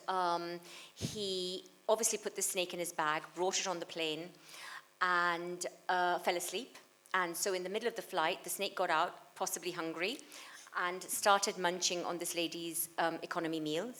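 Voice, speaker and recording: Woman author chatting to a crowd, bright voice, lots of laughs. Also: lowish voice. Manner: chatty anecdotal storyteller, laughs often. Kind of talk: book launch Q&A. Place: event hall before an audience.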